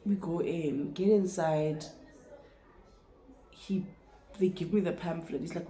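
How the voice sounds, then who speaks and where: A young South African woman with a Sesotho-speaking accent, telling a storytime vlog in a casual, animated way, swearing freely and acting out both sides. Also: on the low side, takes it slowly, echoey room. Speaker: vlogger.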